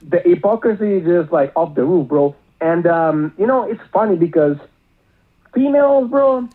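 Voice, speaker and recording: A man's voice: sits high, expressive, moderate pace. A male caller, rambling with many filler words, heard over a phone line. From Miami area.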